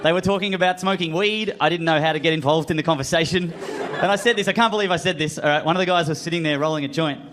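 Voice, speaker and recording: A man's voice: a little high, fast talker, a crowd in the background. An Australian man doing a stand-up comedy set on a club stage, self-mocking and acting out the voices in his stories. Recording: live club audience and room noise.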